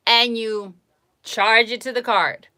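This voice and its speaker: A woman's voice: medium pitch, moderate pace, pushed and bright, smooth. A woman talking casually on a live stream, giving blunt, emphatic advice and repeating herself for emphasis. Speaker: psychic livestreamer.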